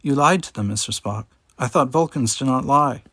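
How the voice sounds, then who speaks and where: A man's voice: mid-range voice, normal speed, a bit bright, no echo, clean studio sound, voice pushed up, lightly acted. A man reading a direct female starship officer. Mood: earnest.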